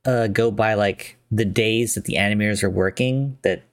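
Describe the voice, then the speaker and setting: A podcast co-host in a casual chat, relaxed and quick to chime in. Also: medium pitch, no echo, studio quality.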